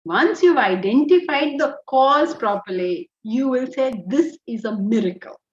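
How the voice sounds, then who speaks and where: A woman with an Indian accent teaching a spiritual lecture, telling stories with lively energy and dropping into Hindi phrases. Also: on the high side, unhurried. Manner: animated storytelling, slips into Hindi phrases. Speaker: Vedanta teacher. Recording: dull lo-fi audio.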